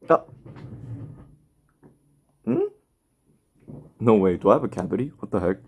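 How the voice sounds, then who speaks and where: A man's voice: fairly low pitch, huge pitch swings, slow, creaky, a little mellow, breathy edge. Rambling casual male streamer. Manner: rambling, filler-heavy, chatty. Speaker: streamer reading chat. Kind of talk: casual live-stream chat. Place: home, in bed.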